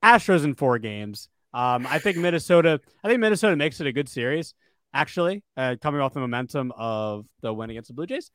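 A man's voice: mid-range voice, lively intonation, a little fast, fairly bright tone, no room sound, studio quality. A man co-hosting a casual sports podcast, rambling with fillers and restarts. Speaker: podcast co-host.

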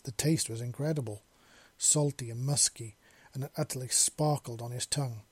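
Male narrator of a romance story with a dark, mellow, husky tone and an even delivery. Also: mid-range voice, moderate pace, no echo.

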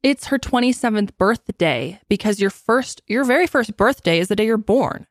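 Woman cohost, voice swings up and down a lot, expressive and insistent, dry close sound. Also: medium pitch, moderate pace, dry recording. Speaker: podcast co-host. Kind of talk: casual chat.

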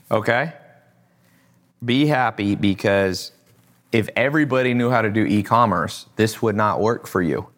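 A man hosts a loose livestream, coaching viewers in a blunt and animated way. He talks at a middle pitch, swears now and then, and laughs at his own jokes. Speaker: livestream host, e-commerce coach. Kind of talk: casual livestream talk.

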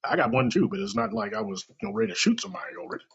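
A man from Kansas City, chatting casually on a podcast and telling a story with lively quoted voices and a husky, gravelly tone. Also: sits high, rapid-fire. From Kansas City, United States. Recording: dull lo-fi recording.

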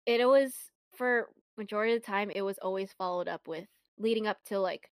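A woman's voice: mid-range voice, brisk, smooth, no room sound. A young woman in casual chat, speaking candidly about work and using many fillers.

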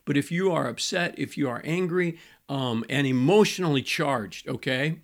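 Warm-paced man preaching conversationally. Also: a little high. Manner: conversational, repeats key phrases, slows for emphasis. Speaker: pastor. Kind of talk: teaching talk on marriage.

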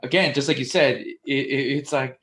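A man co-hosting a casual sports podcast, talking in an animated way with frequent swearing, restarts and asides. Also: medium pitch, normal speed. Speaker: podcast co-host.

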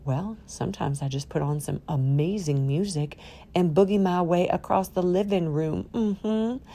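A woman hosting a solo podcast in a playful, quirky way, swinging from loud cheer to a near-whisper. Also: fairly low pitch, moderate pace. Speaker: podcast host. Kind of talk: upbeat solo podcast talk.

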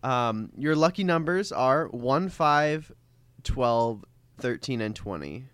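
A woman reading a horoscope aloud in casual chat, in a laid-back, halting way with fillers. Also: rumbling low, expressive, smooth, no echo.

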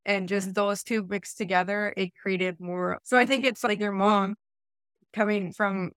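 Podcast co-host: young Canadian woman, smooth clear voice, dry close sound, loose rambling chat. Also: mid-range voice, steady tone, a little slow, a bit bright, no echo. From Eastern Ontario, Canada. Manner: rambling, self-correcting, conversational. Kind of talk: casual podcast discussion.

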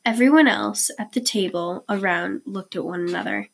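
Give me a woman reading a children's chapter book aloud, clear and steady. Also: medium pitch, moderate pace. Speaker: reader.

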